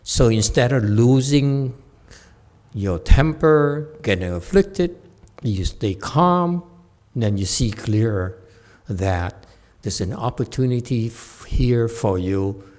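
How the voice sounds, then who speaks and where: A man's voice: medium pitch, animated, slow, darkish tone. A man giving a playful Buddhist dharma talk at a meditation center, laughing often and checking in with his listeners. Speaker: meditation teacher.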